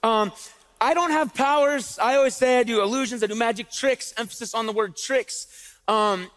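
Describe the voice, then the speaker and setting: A man's voice: extremely high pitch, moderate pace, fairly bright tone. A man doing comedic stage patter as an illusionist in a church, chatty and joking. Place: large church hall on stage. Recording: long reverb of a church hall.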